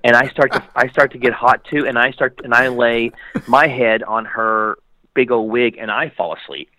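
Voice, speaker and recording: A man who works as an actor, guesting on an interview and telling rambling, animated stories. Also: moderate pace, no room sound, rough recording. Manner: animated, jumps into high voices when quoting people; rambling with many fillers and restarts. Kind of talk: casual storytelling interview.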